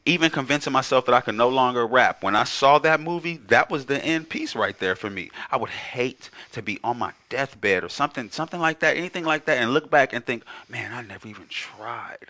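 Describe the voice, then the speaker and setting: Fast-talking bright-voiced man in his 40s. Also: medium pitch, lively intonation. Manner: reflective, emphatic, restarts words. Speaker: guest musician. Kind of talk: casual conversation.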